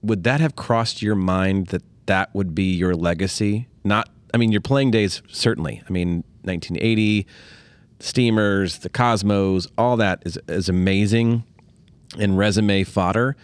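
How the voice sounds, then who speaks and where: A male podcast host with a lowish voice who builds long, winding questions to his guest. The recording is dry and close, with no room echo. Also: a little slow, clear, resonant tone. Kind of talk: casual interview questions.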